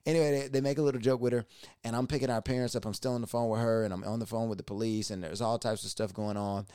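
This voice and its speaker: A man hosting a podcast, lively as he retells a personal story and repeating words when excited. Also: mid-range voice, fast talker, clean tone, no room sound, studio quality. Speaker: podcast host.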